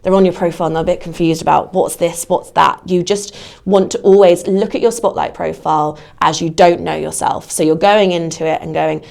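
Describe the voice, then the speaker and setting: A woman's voice: on the low side, fairly even intonation, a little fast, vocal fry, darkish tone. A woman giving career advice in a podcast interview, talking conversationally with lots of "you know". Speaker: guest, casting platform adviser.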